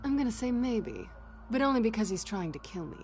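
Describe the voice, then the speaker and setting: A sly, teasing cat burglar. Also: female voice, on the high side, very animated, a little fast, darkish tone, a little hiss or hum. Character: sly female cat burglar, flirty and untrusting. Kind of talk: video game dialogue.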